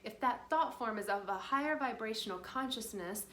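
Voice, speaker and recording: A woman's voice: fairly high pitch, lively intonation, normal speed, pushed and bright. A woman giving a casual spiritual talk, chatty and rambling, full of fillers. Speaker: spiritual guide. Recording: roomy with faint background noise.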